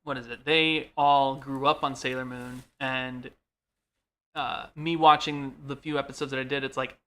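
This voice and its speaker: Chatty co-host with a bright voice. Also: male voice, medium pitch, moderate pace. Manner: chatty, filler-heavy, animated storytelling. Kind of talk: casual chat.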